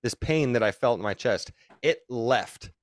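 A man's voice: medium pitch, animated, measured pace, no echo. Young man, podcast guest, rambling and profane, dry close sound. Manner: rambling, profane, emphatic retelling. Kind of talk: casual podcast storytelling.

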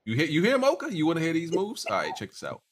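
A man's voice: fairly high pitch, wildly swooping pitch, very fast, background noise. A young man hosting a casual gaming podcast, telling stories with lots of slang and repeated words. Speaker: podcast host.

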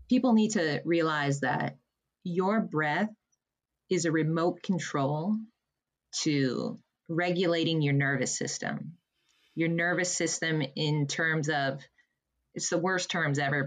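Woman on a podcast, kinda low voice, punchy coachy talk about breathing. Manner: lively, emphatic, coaching tone. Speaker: breathwork guest. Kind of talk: podcast conversation, guided breathing.

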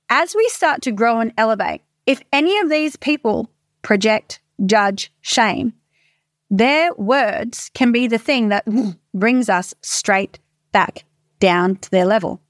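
A woman's voice: a little high, no echo, clean studio sound. A woman in her thirties, a coach, talking casually and candidly with frequent swearing, in a motivational monologue. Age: 30s.

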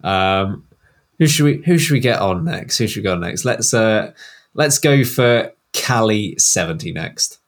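A young man hosting a casual podcast, easygoing and quick to laugh. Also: fairly low pitch, lively intonation. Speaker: podcast host.

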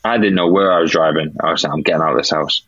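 A man's voice: extremely low pitch, rapid-fire, fairly bright tone, no echo. A British man, a podcast guest, earnestly telling a faith testimony and acting out the dialogue he remembers. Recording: dull lo-fi dry sound.

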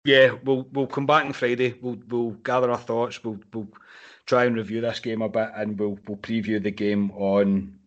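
Scottish man, young adult, low voice, ranting, swears freely, casual podcast chat. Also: flat delivery, moderate pace, lo-fi sound. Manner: frustrated, swears, rants about the match. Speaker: podcast host.

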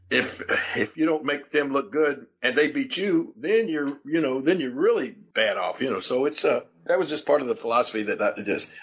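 Older male podcast host, husky voice, rambling storyteller who laughs often. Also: mid-range voice, poor audio. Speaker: podcast host, wrestling legend. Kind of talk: casual storytelling chat.

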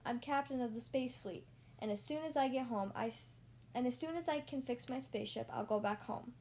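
A woman's voice: fairly high pitch, fairly quick, darkish tone, lightly acted. A woman reading a storybook aloud and voicing a proud, self-important male space ranger toy who speaks in a grand, formal way.

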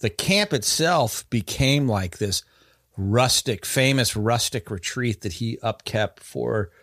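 A man's voice: mid-range voice, slow, a bit bright, dry recording, clean studio sound. A man hosting a podcast, telling a story in casual chat. He rambles, restarts often and uses many fillers.

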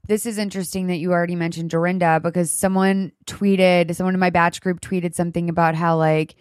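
A woman's voice: lowish voice, flat delivery, fairly quick, clear, resonant tone, no echo, clean studio sound. Rambling, outspoken woman radio host. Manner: rambling, outspoken, many restarts. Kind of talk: casual chat.

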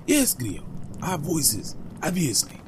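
A man voicing an eager character called Chef in a scripted podcast promo skit, replying brightly. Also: on the high side, wildly swooping pitch, slow, slight background noise, voice pushed up, exaggerated voice.

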